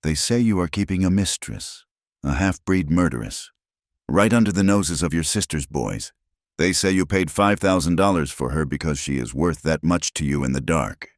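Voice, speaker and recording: A man voicing a blunt, pressing female saloon owner, delivered in a deep voice in a dry recording. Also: moderate pace, no room sound. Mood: blunt warning.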